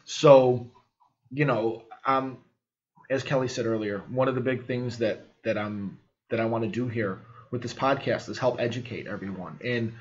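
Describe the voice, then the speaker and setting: A man's voice: mid-range voice, moderate pace. A man hosting a podcast, talking casually with plenty of fillers and encouraging listeners. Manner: conversational, filler-heavy, encouraging. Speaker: podcast host. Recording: slightly muffled podcast audio.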